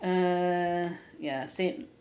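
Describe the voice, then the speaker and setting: Lower-voiced woman book-club host. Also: steady tone, very slow, a little mellow. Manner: reads author bios aloud, adds dry asides. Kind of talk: casual chat.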